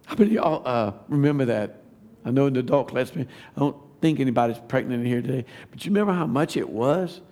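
A man, giving a testimony sermon that builds to fervent shouting. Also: mid-range voice, fast talker. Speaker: preacher.

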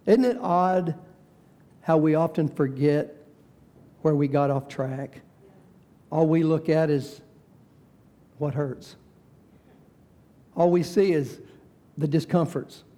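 A male preacher with a high but mellow voice delivers a sermon. He tells the story dramatically. He slows down and drops to near whispers for emphasis. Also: steady tone. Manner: dramatic storytelling, varies pace and volume.

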